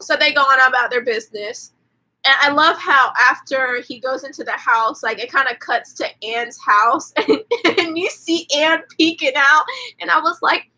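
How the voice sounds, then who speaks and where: A woman's voice: high-pitched, moderate pace, bright, forceful tone, low-quality recording. A woman hosting a casual live movie recap, chatty and profane, with lots of "like" fillers. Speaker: host.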